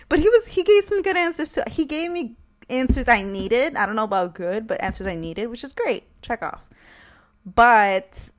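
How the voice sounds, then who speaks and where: Woman vlogging, rambly and candid, cusses a lot, keeps cracking up laughing. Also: mid-range voice. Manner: swears freely. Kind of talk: casual chat to camera.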